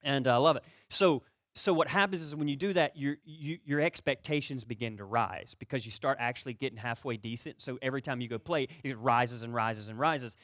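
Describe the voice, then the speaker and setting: A man preaching a conversational sermon as pastor, telling stories with animated, comic energy. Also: fairly quick, no room sound, studio quality. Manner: animated storyteller who gets loud and high-pitched in comic stories.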